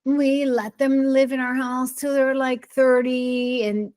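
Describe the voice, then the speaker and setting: A woman's voice: high-pitched, little pitch movement, takes it slowly, darkish tone. A middle-aged woman talking casually to camera as a blogger, opinionated and emphatic, often wandering and restarting her sentences. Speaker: blogger sharing personal experience.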